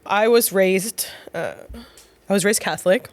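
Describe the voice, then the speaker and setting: A woman in her thirties or forties co-hosting a podcast, speaking slowly and reflectively about her faith. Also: mid-range voice. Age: 30s to 40s. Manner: reflective, slow with pauses. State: emotional. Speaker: podcast co-host. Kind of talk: heartfelt faith conversation.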